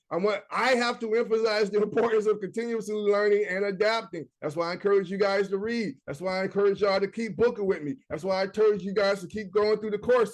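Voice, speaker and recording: A man, coaching viewers casually in a live screen-share session. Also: sits high. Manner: casual, talks to viewers directly, reads notes aloud. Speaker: online business coach.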